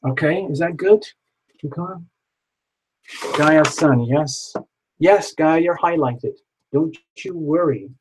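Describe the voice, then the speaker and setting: A man hosting a live tarot reading stream, talking in a chatty, excitable way and joking with his viewers. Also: fairly high pitch, takes it slowly, long pauses, husky, poor audio. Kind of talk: casual live-stream chat.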